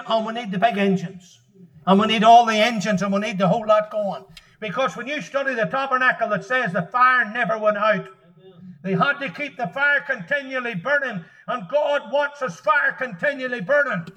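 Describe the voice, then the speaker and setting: A man preaching a sermon in a fervent, emphatic way, building at times to shouts. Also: extremely high pitch, rough recording.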